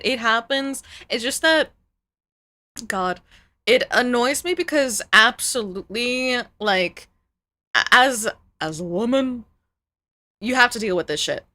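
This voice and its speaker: A woman's voice: mid-range voice, pushed and bright. A woman streamer in casual live-stream chat, ranting heatedly and swearing freely.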